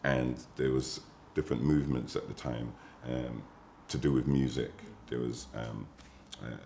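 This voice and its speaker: An English man with a very deep voice speaks in a measured, musing way, pausing often. He is recorded in an echoey room with a faint background hum. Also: steady tone, creaky, warm tone. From England. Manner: measured, musing, with pauses and fillers. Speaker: interviewee. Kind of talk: reflective interview talk.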